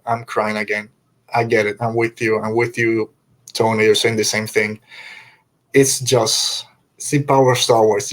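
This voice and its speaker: A man's voice: mid-range voice, fairly even intonation, moderate pace. A middle-aged man hosting a podcast, reviewing an episode in an emotional, heartfelt way, sighing and restarting his sentences as he gets choked up. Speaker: podcast host.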